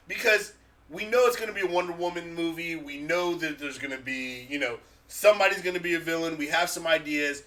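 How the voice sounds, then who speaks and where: A man co-hosting a podcast in casual chat, animated and joking, swearing freely. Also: on the high side, brisk, far from the mic. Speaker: podcast co-host.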